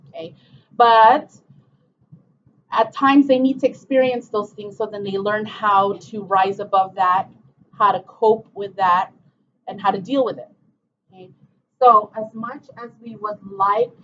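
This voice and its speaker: A middle-aged woman with a mid-range, slightly bright voice presents a parent workshop in a relaxed, conversational style. She says "okay" and "um" a lot and plays out exchanges between parents and kids, captured in a dull lo-fi room with slight background noise.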